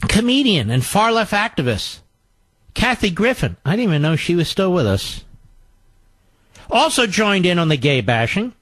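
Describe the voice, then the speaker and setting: A man hosting a political talk radio show, sarcastic, combative and mocking, with his pitch swinging widely for emphasis. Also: very animated, normal speed, fairly bright tone, dry recording.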